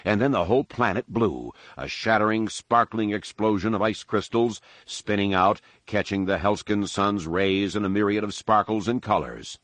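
A man giving a measured, dramatic audiobook narration of an action story. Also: fairly low pitch, a bit bright, no echo. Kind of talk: scripted narration.

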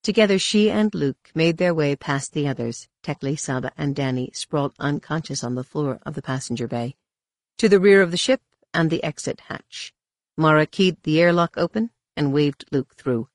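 An audiobook narrator with a mid-range voice reads in a steady, even way. The sound is dry and close, with no room around it. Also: mid-range voice, normal speed, dry recording. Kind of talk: scripted narration.

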